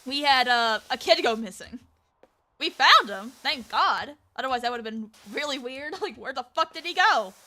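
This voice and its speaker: High, bright-voiced young woman rambling. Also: expressive, moderate pace. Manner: rambling and chatty, with frequent fillers and swearing. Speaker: VTuber streamer. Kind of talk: casual storytelling during a game stream.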